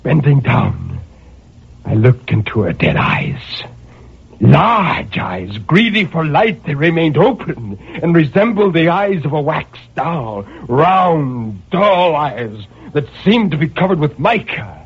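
Radio drama lead: a husky, unhinged killer pacing his cell, on a dull, muffled old broadcast recording. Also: on the high side, very animated, slow pace, full character voice. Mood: manic. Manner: swings between manic laughter and brooding menace. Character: tormented male murderer raving in his cell.

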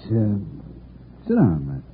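A cool, scheming executive on an old radio play. He speaks smooth and measured, a little low and husky, with a tinny, phone-thin broadcast sound. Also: huge pitch swings, full character voice. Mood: calm, controlling. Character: scheming male executive, calm and menacing. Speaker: company boss. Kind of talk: 1940s radio drama acting.

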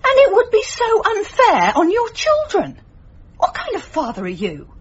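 A scornful, sharp-tongued news editor. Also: female voice, very high-pitched, huge pitch swings, normal speed, exaggerated voice. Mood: angry. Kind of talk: radio sitcom acting. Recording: dull lo-fi radio recording.

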